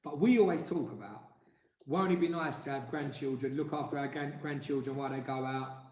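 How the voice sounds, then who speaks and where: A man's voice: mid-range voice, a little fast, a little mellow, reverberant. A man in his forties with an East London accent, co-hosting a casual live-stream chat and joking with viewers. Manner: jokey, banters and teases. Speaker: co-host.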